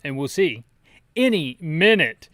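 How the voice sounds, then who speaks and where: A man voicing a male soldier making loud, urgent radio calls for a rescue. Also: on the high side, big pitch swings, a little slow, dry recording, studio quality.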